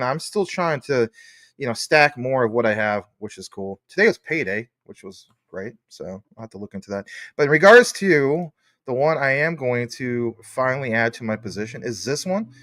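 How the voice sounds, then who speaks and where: A man's voice: medium pitch, a bit bright, no room sound, clean studio sound. Rambling, upbeat male crypto streamer. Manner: rambling, enthusiastic, welcomes chatters by name. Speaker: crypto livestream host. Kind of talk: casual livestream chat reading viewer comments.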